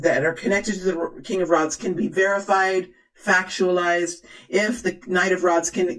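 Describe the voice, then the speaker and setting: A tarot card reader talking straight to viewers in a calm, measured way, thinking aloud with many restarts and repeated phrases. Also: mid-range voice, poor audio. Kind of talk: tarot reading monologue to viewers.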